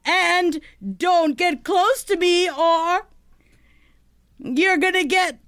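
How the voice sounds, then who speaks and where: A woman's voice: extremely high pitch, very slow, fairly bright tone, no room sound, studio quality, pitched above the performer's own voice, exaggerated voice. A woman putting on a goofy young male rapper who speaks only in rhyme, in a sing-song, mock-swaggering way.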